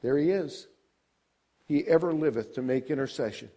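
An older man preaching a sermon, asking the congregation questions and swelling high and loud on key points before dropping low and soft. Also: normal speed.

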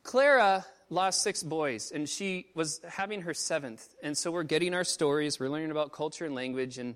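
A missionary pastor preaching a sermon, telling stories with emotion, swinging from loud outbursts to hushed low tones. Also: male voice, normal speed, few pauses.

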